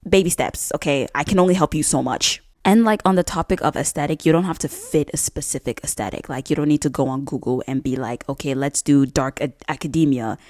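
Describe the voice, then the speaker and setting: Low-voiced young woman, blunt and jokey. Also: fast, hardly any pauses, darkish tone, no echo, clean studio sound. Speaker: vlogger. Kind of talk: casual advice vlog.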